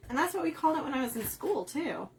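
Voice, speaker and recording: A talkative woman from the Upper Midwest chats her way through a craft project on a livestream. Her fairly high voice swings up and down a lot, and she laughs often. A faint hiss sits under her voice. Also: animated, fast. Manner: chatty, laughs often, reads viewer comments aloud. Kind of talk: casual chat while crafting.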